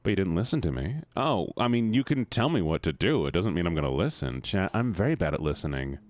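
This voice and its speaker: Excitable male streamer, teasing his chat, swooping pitch, deeper register. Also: quick pace, no echo. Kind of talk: casual live-stream chat.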